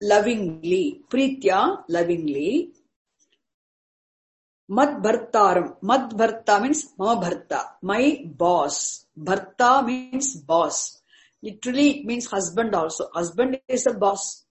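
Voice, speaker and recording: A woman explains a scripture line by line, patiently repeating each word and its meaning. Her voice sits at an ordinary middle pitch, and the recording carries a noticeable roomy echo. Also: lively intonation, slow pace. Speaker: Sanskrit teacher.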